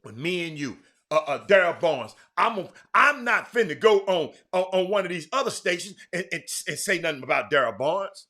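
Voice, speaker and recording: A man hosting a sports talk show, speaking emphatically, swinging between loud outbursts and low asides. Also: expressive, moderate pace. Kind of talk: animated sports talk commentary.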